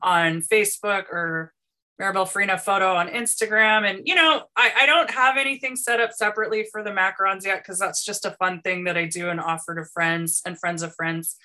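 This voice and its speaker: A giggly woman in her thirties, chatting as a guest on an interview show. Her voice is bright and clear, and her talk is silly and bubbly with frequent laughs. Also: mid-range voice, steady tone, fairly quick. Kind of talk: casual interview chat.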